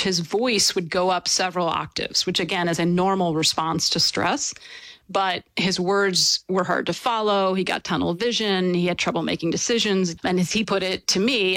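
A woman being interviewed as an author, explaining and telling stories in a lively, casual way with fillers. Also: lowish voice, no room sound. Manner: animated, storytelling with fillers and laughs.

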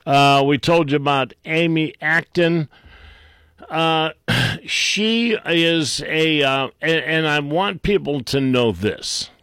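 A man hosting a call-in radio talk show, reading items aloud and mocking them in a blunt, gruff, rambling way. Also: fairly high pitch, slow pace, a bit bright, no echo, studio quality.

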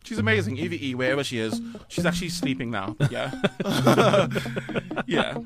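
A man in his thirties with a South African accent, co-hosting a breakfast radio show, speaking haltingly with sighs, choked up and close to tears. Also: medium pitch, sing-song. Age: 30s. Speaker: radio co-host. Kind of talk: emotional radio chat.

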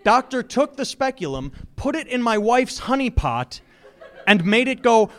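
A man doing a stand-up set, telling an animated story and breaking into mock shouts. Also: extremely high pitch, unhurried. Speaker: stand-up comedian.

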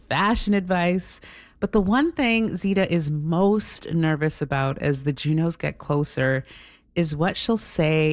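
A woman's voice: low voice, no echo. A woman hosting a radio show, narrating segments and chatting easily with her co-host.

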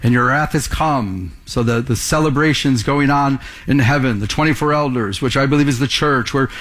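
A man's voice: medium pitch, moderate pace, fairly bright tone. A man preaching a sermon in a conversational way, often repeating words and asking the congregation questions. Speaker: pastor.

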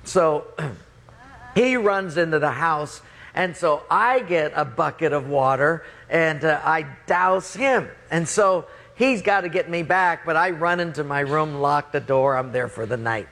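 A preacher telling a story from the pulpit in an animated, expressive and playful way. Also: male voice, a little high, measured pace, gravelly, in a large hall. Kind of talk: sermon storytelling.

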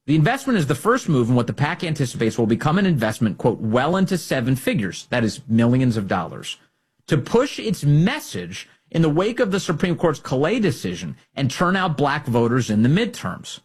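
A man's voice: mid-range voice, big pitch swings, normal speed, husky. A man delivering an emphatic, sarcastic political opinion monologue as a host. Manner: sarcastic, emphatic, with mocking quoted voices.

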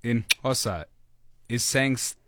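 A man's voice: medium pitch, unhurried, a bit bright, no room sound. A man hosting a casual radio show from a studio, playful and self-mocking, often stumbling over his words. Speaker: radio host. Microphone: studio mic.

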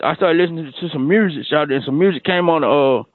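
A man's voice: fairly high pitch, fast, no room sound, narrow, tinny audio. A man on a morning radio show, rambling through a comedic bit with heavy slang. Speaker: radio show cast member.

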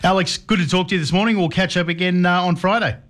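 A man's voice: high-pitched, steady tone, fast, fairly bright tone. A middle-aged man hosting a radio show, chatting casually with wry asides and hesitant restarts. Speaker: radio host.

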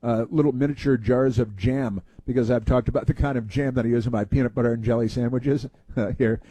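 A man with a mellow, dark voice hosts a mailbag segment in a loose, meandering monologue. He halts often, stacking fillers and restarts. The sound is dry and close. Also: medium pitch, fairly even intonation, husky, dry recording. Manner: halting, many fillers and restarts. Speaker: podcast host answering listener mail. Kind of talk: casual rambling monologue.

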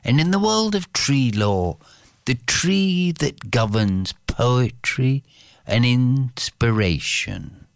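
Deep gravelly woman telling a folk tale. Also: no echo, clean studio sound. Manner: slow, drawn-out, lilting, swoops up for lively parts. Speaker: storyteller. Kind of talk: oral folk storytelling.

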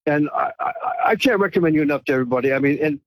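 A man's voice: on the high side, rapid-fire, no room sound. A man calling in to a radio show, emotional and grateful, stammering as he talks. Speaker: caller. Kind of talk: phone-in call to radio show.

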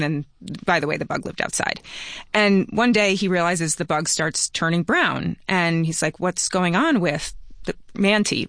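A man speaking as an interview guest, telling a personal story in a relaxed conversational way, with quick asides. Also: high-pitched, no echo, studio quality.

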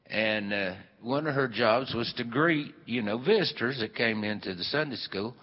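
Folksy older storyteller. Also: male voice, mid-range voice, moderate pace. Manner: rambling, folksy, with many fillers. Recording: long hall reverb, dull lo-fi sound.

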